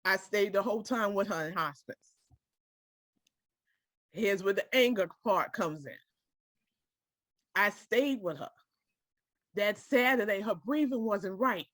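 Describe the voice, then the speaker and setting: A woman's voice: mid-range voice, lively intonation, a little slow, long pauses, fairly bright tone, dry recording, studio quality. A woman telling a personal story to a small group, speaking directly and emotionally and often checking that her listeners follow her.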